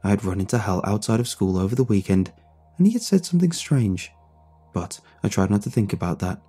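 A man narrating a scripted horror story in a measured, reflective way. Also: fairly low pitch, expressive, warm tone, husky. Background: faint music.

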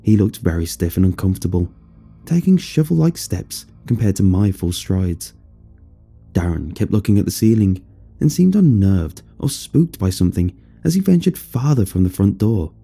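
A man narrating a first-person horror story in a measured, descriptive way. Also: low-pitched, big pitch swings, gravelly, mellow, husky, soft background music.

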